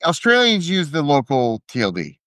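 A man with a fairly high voice gives blunt opinions in a casual podcast chat. He keeps tripping into restarts before landing his point. The sound is dry and close. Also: wildly swooping pitch, normal speed, fairly bright tone, dry recording. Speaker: podcast co-host.

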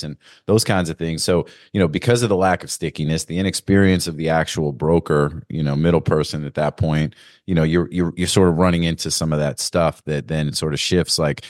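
A man's voice: low voice, a little fast, darkish tone, dry recording, studio quality. A man hosting a casual panel discussion, rambling with many fillers and retelling stories with energy.

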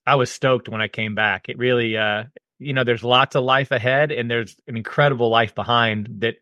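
A man's voice: mid-range voice, fairly bright tone, dry recording, dull audio. A man co-hosting a podcast, talking in a laid-back, rambling and enthusiastic way. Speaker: podcast co-host. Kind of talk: casual chat.

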